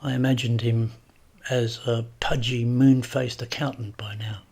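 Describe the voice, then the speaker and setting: A man reading a comic short story aloud with wry, deadpan narration. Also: medium pitch, measured pace, husky.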